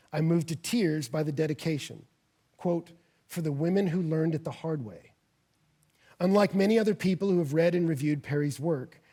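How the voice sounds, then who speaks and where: A male pastor preaching a sermon, earnest, rising to loud emphatic peaks as he reads passages aloud. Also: a little high, breathy edge. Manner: earnest, builds to loud emphatic peaks when reading scripture. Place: church.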